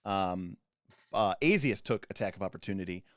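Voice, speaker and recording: A man's voice: deep voice, lively intonation, moderate pace, a bit bright, dry recording, clean studio sound. A man running an online tabletop game as game master, rambling and laughing often.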